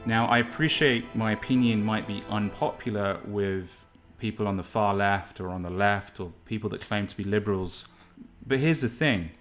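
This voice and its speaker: A man's voice: fairly low pitch, moderate pace, hardly any pauses, a bit bright, faint music behind. A man from England talking in a rambling, opinionated monologue while walking along a beach for his vlog. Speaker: vlog host. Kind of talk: casual walk-and-talk vlog. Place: outdoors on a beach.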